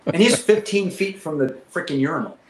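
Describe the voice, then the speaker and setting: A man telling profane, animated war stories as a former military pilot, acting out what people said. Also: a little high, fairly quick. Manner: profane, animated, acts out quotes. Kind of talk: casual storytelling chat. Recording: echoey room with faint noise.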